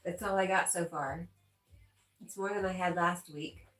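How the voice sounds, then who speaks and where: Chatty low-voiced woman on a roomy stream. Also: steady tone, moderate pace, a bit bright, faint music behind. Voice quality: chatty and giggly, talks back to viewers. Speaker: livestream host reading viewer chat. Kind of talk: casual live chat. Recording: roomy echo, distant from the mic.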